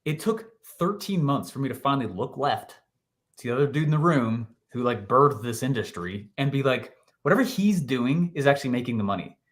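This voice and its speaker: A man in his thirties, a podcast guest telling a story in lively fashion, laughing often and acting out what people said. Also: mid-range voice, a little fast. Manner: animated, laughs often, acts out quotes. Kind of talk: storytelling interview answer.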